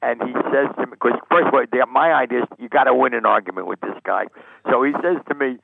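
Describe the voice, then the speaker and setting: An older American man, a sportswriter guest, telling lively anecdotes and acting out the people he quotes. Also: medium pitch, fast talker, vocal fry, husky, dry recording. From United States. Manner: animated storyteller, acts out quoted voices. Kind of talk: anecdotal storytelling interview. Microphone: phone. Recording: tinny phone line.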